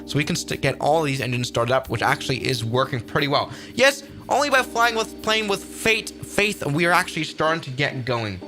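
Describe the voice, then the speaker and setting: Lively man streaming a flight simulator. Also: a little high, normal speed, few pauses, soft background music. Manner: rambling, upbeat, thinks aloud. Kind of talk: casual live-stream gameplay commentary.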